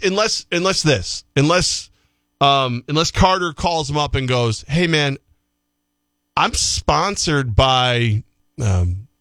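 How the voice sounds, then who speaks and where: A man's voice: mid-range voice, dry recording, clean studio sound. A middle-aged man co-hosting a sports talk show, rambling casually with lots of restarts. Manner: rambling, animated, restarts often.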